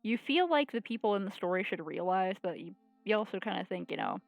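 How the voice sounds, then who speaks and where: Woman, streamer, scratchy sore throat, gravelly fry, reads a visual novel aloud, rambling casual chat, dry close sound. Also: medium pitch, fairly quick, no room sound, faint music behind. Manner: relaxed, rambling chatter between readings.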